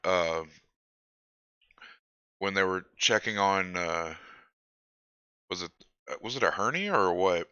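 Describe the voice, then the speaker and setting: A man's voice: deep voice, animated, slow, pauses often, pushed and bright, clear, resonant tone, no echo. A man hosting a podcast in casual chat, laughing a lot and welcoming viewers. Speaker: podcast host. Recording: dry, slightly dull stream mic.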